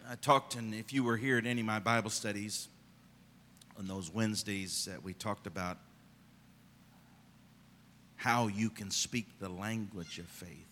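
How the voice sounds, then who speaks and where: A man pastor preaching a fervent sermon, rising to loud emphasis and dropping to quiet asides. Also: fairly low pitch, measured pace, long pauses, long reverb tail, slight background noise.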